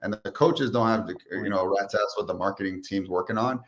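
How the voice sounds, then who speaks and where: A man with a lowish voice talks fairly quickly as a podcast guest, a sales expert and entrepreneur sharing business stories in casual conversation. He's an animated storyteller who acts out the quotes as he goes.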